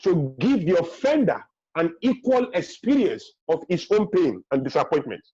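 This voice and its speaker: A husky man speaks in a high register. He gives forceful parenting advice as a webinar guest and hammers home each point by repeating it. The video-call audio is dry and dull. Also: very animated, moderate pace. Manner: emphatic, repeats key points, acts out parents' lines.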